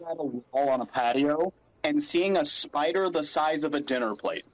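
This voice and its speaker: Man tabletop player, casual chat, blunt and laughing, slightly high voice. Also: moderate pace, dry recording, rough recording.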